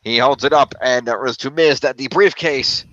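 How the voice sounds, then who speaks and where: A man's voice: mid-range voice, normal speed, a bit bright, no room sound, highs cut off. A man co-hosting a podcast, casually recapping the week's wrestling and tallying scores. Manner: narrates events, acts out quotes in a raised voice. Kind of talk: casual chat, recapping events.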